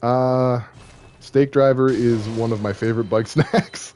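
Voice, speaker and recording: A man's voice: mid-range voice, steady tone, unhurried, darkish tone. A young man streaming a game, chatting casually, joking and rambling, often poking fun at himself. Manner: joking, rambling, self-deprecating. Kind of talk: casual live-stream commentary.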